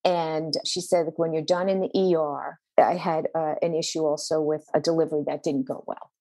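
A woman's voice: low voice, steady tone, normal speed, mellow, dry recording. A woman pastor, a podcast guest, telling a personal faith story in an earnest, intense way with a shifting pace.

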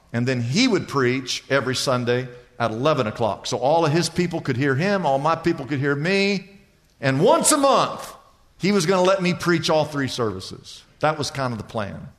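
A man preaching a sermon as pastor, telling a story with lively delivery and acting out the people he quotes. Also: a little high, big-room sound. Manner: animated storytelling, voicing other people in anecdotes.

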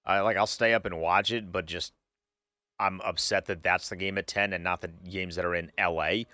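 A man's voice: low-pitched, fairly even intonation, normal speed, pushed and bright, no echo. A man co-hosting a casual sports chat, eager and opinionated. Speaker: co-host.

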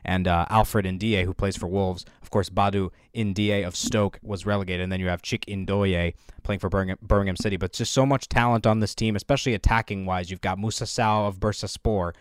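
A man's voice: low voice, steady tone, brisk, hardly any pauses, clear, resonant tone, no echo, studio quality. A man hosting a sports podcast, running through facts and names in casual analysis with some filler words. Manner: fact-heavy, with filler ums and uhs. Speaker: podcast host.

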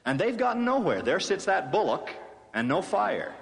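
A man's voice: high voice, very animated, normal speed, creaky. A man giving a sermon, reading scripture aloud and adding playful, wry commentary with chuckles. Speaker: speaker giving a scripture talk. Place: large hall or tabernacle. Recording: distant hall reverb, faint ambience.

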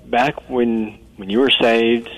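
A man calling in to a radio show and asking an earnest, halting question with repeated words. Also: medium pitch, fairly even intonation, low-quality recording. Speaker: caller.

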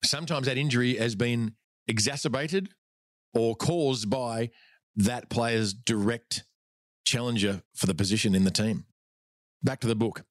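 An Australian man co-hosting a comedy radio show, joking and reading from his book, quick to laugh. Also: mid-range voice, dry recording, clean studio sound. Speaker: radio co-host.

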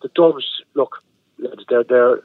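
An Irish man breaks down a football match on the radio, pressing each point with repeated phrases. His voice sits at an ordinary pitch and comes down a narrow, tinny phone line. The sound is dry, with no room around it. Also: fairly even intonation, slow pace, no room sound. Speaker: GAA football pundit. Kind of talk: sports radio analysis.

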